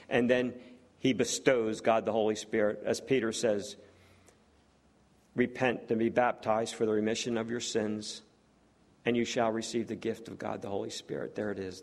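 A man preaches to a congregation in a voice of ordinary pitch. He reads scripture passages aloud between his own remarks. He often puts rhetorical questions to his listeners. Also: a little mellow. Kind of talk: sermon.

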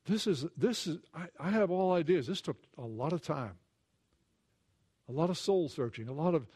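Delivering a sermon at a moderate pace, this earnest male preacher has a fairly high, slightly rough voice and an expressive manner. He thinks aloud with restarts and repeated words, rising in pitch to retell a story and sinking low and quiet for asides.

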